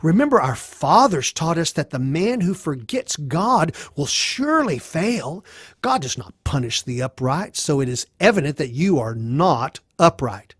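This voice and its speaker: A man's voice: a little high, big pitch swings, unhurried, fairly bright tone, husky, dry recording, heavily acted. A man voicing a harsh, judgmental friend who scolds and moralizes. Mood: scolding.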